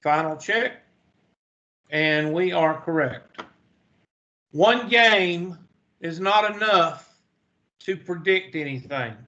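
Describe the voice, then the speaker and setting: A man's voice: fairly high pitch, pushed and bright. A man teaching a math class, folksy and joking, in a dull lo-fi classroom recording. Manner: folksy, joking asides, slow deliberate delivery. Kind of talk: classroom lecture.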